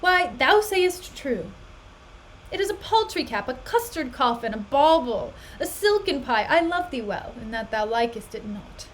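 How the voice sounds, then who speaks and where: A woman's voice: high voice, big pitch swings, unhurried, slight background noise, poor audio. A woman reading the part of a domineering, fussy young man who mocks everything set before him. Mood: teasing. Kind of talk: dramatic reading of a play.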